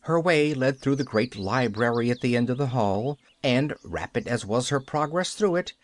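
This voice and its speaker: A man narrating a classic novel as an audiobook, with a lively storytelling delivery. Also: mid-range voice, moderate pace.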